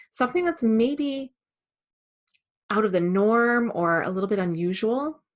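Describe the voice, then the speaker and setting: Calm woman teaching a sales class. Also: medium pitch. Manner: calm, measured, explanatory. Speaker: sales trainer. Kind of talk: instructional presentation.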